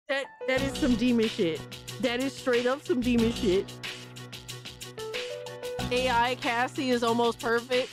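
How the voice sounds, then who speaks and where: A woman streamer reacting to clips live, with loud, incredulous exclaiming and cursing. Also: fairly high pitch, a little slow, long pauses, over music. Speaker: streamer host.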